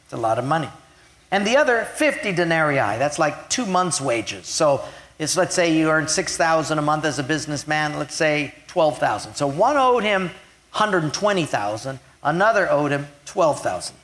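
A man preaching a sermon, retelling a scripture story and swinging between loud emphasis and hushed lines. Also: a little high, very animated, moderate pace. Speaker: pastor.

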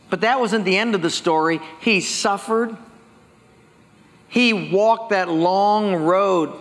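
A male pastor preaching a sermon, telling stories with lively acted-out dialogue. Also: sits high. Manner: animated storytelling, acting out dialogue. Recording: long hall reverb.

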